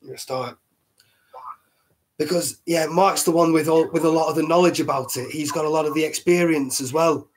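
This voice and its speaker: Husky British man hosting a live stream. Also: on the high side, steady tone, moderate pace, low-quality recording. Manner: rambling, repeats and restarts words, laughs at himself. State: chesty, a bit hoarse. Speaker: host of a live online show. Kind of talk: casual live-stream talk.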